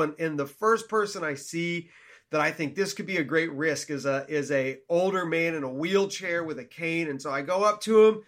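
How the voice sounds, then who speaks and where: An animated young man is telling a story on a casual podcast. His voice sits a little high, and he slips into the voices of the people he quotes. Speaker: podcast co-host.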